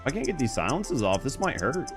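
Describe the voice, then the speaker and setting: A Southern-accented man streaming a video game, talking loosely to his chat in a mid-pitched voice with plenty of cursing and banter. Faint music plays underneath. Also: sing-song, fairly quick. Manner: profane, joking. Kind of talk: casual live-stream chat.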